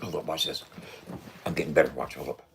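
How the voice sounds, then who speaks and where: A man's voice: very deep voice, fast talker, vocal fry, fairly bright tone, husky. A man in his fifties talking casually in a loose, profane, boastful way and laughing often. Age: 50s. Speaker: vlogger. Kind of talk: casual rambling vlog.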